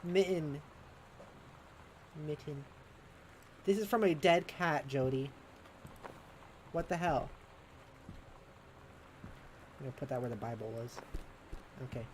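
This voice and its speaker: A man streaming a game who chats playfully, laughs often, and reads the in-game story aloud in a halting way. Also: mid-range voice, a little hiss or hum. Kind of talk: casual gameplay chat and reading aloud.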